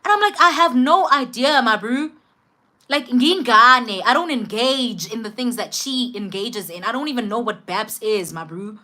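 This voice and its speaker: Animated South African woman telling a story. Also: fairly high pitch, normal speed, few pauses. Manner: animated, code-switching, emphatic. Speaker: vlogger. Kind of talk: storytime vlog.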